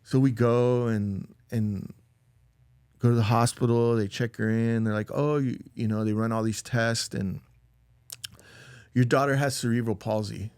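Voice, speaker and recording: A man's voice: medium pitch, steady tone, unhurried, a little mellow, clear, resonant tone, no echo, clean studio sound. A man telling a personal story as a podcast guest. He talks casually, saying "like" and "dude" a lot, and he acts out the quoted lines in a raised voice. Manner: loose, rambling, with lots of "like" and "dude".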